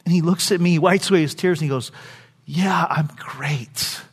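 An older man preaching a sermon, telling stories and dropping from loud preaching to soft, hushed lines. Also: sits high, fast. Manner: storytelling, swings from loud preaching to soft near-whispers. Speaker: pastor.

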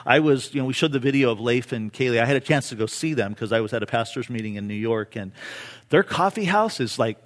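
A man preaching a sermon with personal stories, impassioned, swinging from hushed to loud and pleading. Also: medium pitch, lively intonation, fast talker. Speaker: pastor.

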